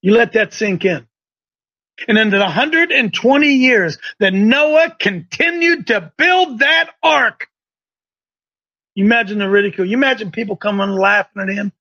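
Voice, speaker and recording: A man's voice: sits high, moderate pace, sharp tone, dry recording, muffled recording. A man preaching a sermon in a folksy, emphatic way. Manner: folksy, emphatic, acts out quoted voices.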